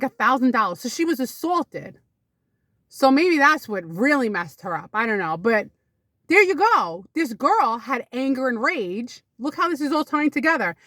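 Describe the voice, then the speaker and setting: A woman vlogging to camera, telling rambling casual stories about her mother with sudden high exclamations. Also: a bit bright, no echo, studio quality.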